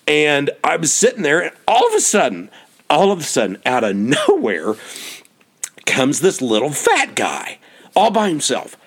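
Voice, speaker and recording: An American man telling a personal story for his podcast, animated and laughing often as he repeats himself. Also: fairly high pitch.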